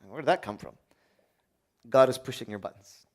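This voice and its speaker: A man preaching a sermon, swinging between loud, urgent high points and quiet, low asides. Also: expressive, moderate pace.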